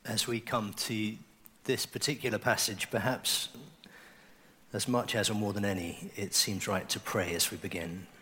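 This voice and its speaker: A man with a fairly low but bright, forceful voice leads a prayer before his sermon. He speaks earnestly and without hurry. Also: level tone, moderate pace. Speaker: preacher. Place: church.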